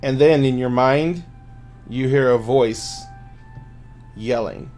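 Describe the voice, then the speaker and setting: A man's voice: mid-range voice, slow, darkish tone, soft background music. A man running a tabletop game as game master, narrating loosely with many fillers and restarts.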